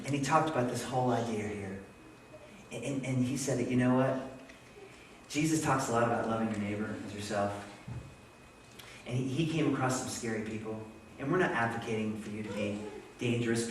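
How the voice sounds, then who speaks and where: Preacher telling a story in an echoey church. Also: male voice, medium pitch, fairly quick, a little hiss or hum. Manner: storytelling, rising to excited shouts. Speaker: pastor. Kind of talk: sermon. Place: church sanctuary. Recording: echoey church hall from far off.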